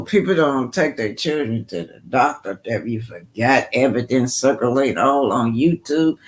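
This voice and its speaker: A man hosting reaction commentary, emphatic and heated, often repeating himself and stumbling over words. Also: mid-range voice. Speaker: commentary host. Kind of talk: reaction commentary on video clips.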